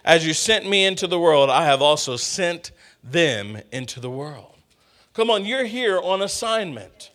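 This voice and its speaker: A man's voice: fairly high pitch, a little slow. A middle-aged man preaching a sermon, calling out to the congregation and drawing responses. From Texas. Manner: lively, call-and-response with congregation.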